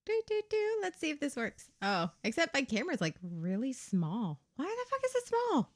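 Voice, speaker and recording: Woman, 30s, livestream host, casual chat, candid, cursing, lively pitch. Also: normal speed, faint music behind. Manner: candid, swears often, laughs a lot. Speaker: streamer hosting her own show.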